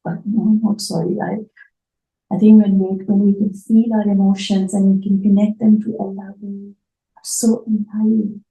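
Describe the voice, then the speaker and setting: A woman giving a reflective spiritual talk, emotional and tearful, her voice soft and at times dropping to near whispers. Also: mid-range voice, flat delivery, moderate pace, echoey room, low-quality recording. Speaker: spiritual art therapy host.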